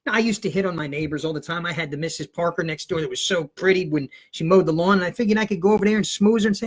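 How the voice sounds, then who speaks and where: A man's voice: high-pitched, quick pace, husky. A man in his fifties, a podcast guest telling a rambling comic story and acting out the voices of the people in it. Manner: animated, rambling storyteller who acts out voices.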